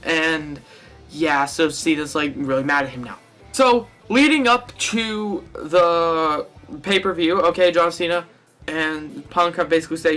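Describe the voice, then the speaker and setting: A man's voice: on the high side, steady tone, a little slow, pushed and bright, faint music behind. A young man rambling casually through a wrestling fantasy-booking monologue, correcting himself and cracking jokes as he goes. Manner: rambling, self-correcting and jokey. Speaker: wrestling fan vlogger.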